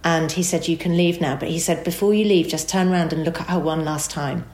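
A woman telling an emotional personal story as a guest, animated and acting out the dialogue. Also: low-pitched, a little fast, echoey room.

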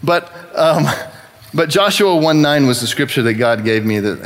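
A man's voice: medium pitch, expressive, measured pace, a bit bright. A man from Texas giving a sermon-style personal testimony in church, talking in a conversational, wry and self-deprecating way.

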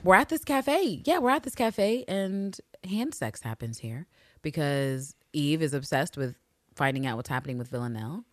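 A woman co-hosting a podcast, retelling scenes in an animated, profane way and acting out the characters' lines. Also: low-pitched, normal speed, no room sound, studio quality. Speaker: podcast co-host. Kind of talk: casual recap chat.

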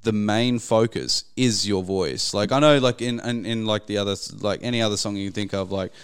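A man's voice: fairly low pitch, fairly quick, smooth. A man, hosting a podcast, rambling casually with plenty of fillers and swearing. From Australia. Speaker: podcast host. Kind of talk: casual chat.

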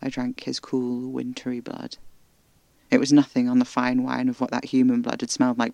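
A man narrates a horror audio drama in the first person, with a gravelly, creaky voice at a middle pitch. His delivery is hushed and intimate, often dropping to breathy whispers, and the sound is dry and close. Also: monotone, normal speed, dry recording.

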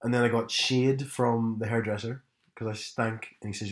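A man's voice: mid-range voice, steady tone, moderate pace. Hungover young man chatting. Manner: laughs often, easygoing. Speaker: podcast co-host. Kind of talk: casual chat.

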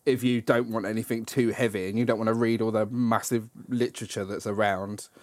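A man's voice: fairly low pitch, little pitch movement, fairly quick, a little mellow, dry recording. Chatty man hosting a film podcast. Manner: rambling, laughs often, many ums. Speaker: podcast host. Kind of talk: casual chat about a film.

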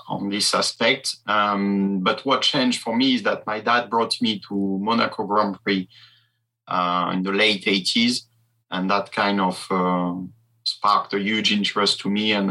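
A man from southern France with a French accent, speaking English as a guest race engineer in a casual interview, pausing often to find his words. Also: on the low side, gravelly, pushed and bright, husky, poor audio. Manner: halting, searching for words.

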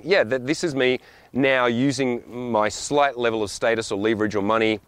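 A man's voice: medium pitch, fairly even intonation, moderate pace, fairly bright tone, clear, resonant tone, no echo. A man talking in a blunt, profane, rambling monologue with frequent asides. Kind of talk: casual monologue.

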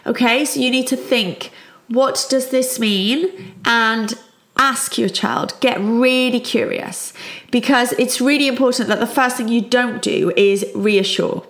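A middle-aged woman, a child psychologist, calmly and reassuringly explaining parenting advice. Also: a little high, measured pace. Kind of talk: parenting advice talk to camera.

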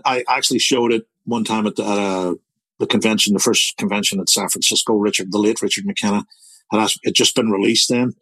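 Poor audio without echo carries a slightly bright, mid-range male voice. The speaker, an interviewee in his sixties from Belfast with a Northern Irish accent, tells a long, rambling personal story and keeps repeating words.

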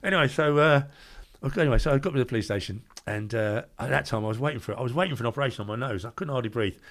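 Fast-talking older London man. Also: mid-range voice, a bit bright. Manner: brisk, acts out dialogue in his stories. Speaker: guest, former doorman. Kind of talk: anecdotal storytelling.

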